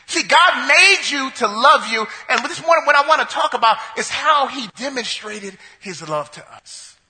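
Very high, bright-voiced preaching man. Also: expressive, normal speed, big-room sound. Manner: emphatic preaching, repeats phrases, builds to shouts. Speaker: pastor. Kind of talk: sermon.

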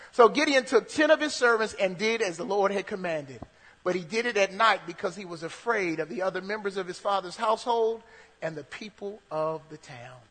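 A man with a very high, bright voice preaches a sermon. He reads scripture aloud and then expounds on it, often repeating phrases and restarting sentences. His voice carries a long hall reverb.

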